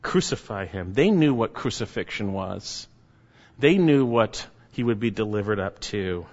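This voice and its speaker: A man's voice: fairly low pitch, lively intonation. Man preaching in a reverberant hall. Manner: slow, emphatic preaching that drops quiet at phrase ends. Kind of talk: sermon. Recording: dull lo-fi recording with long hall reverb.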